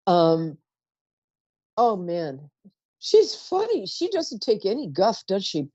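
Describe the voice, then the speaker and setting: Psychic call-in host, woman, rambling and chatty, lively swooping voice, mellow tone, dry dull recording. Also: medium pitch, slow pace, no room sound. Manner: chatty, warm-toned asides, trails off mid-sentence. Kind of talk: live call-in psychic reading.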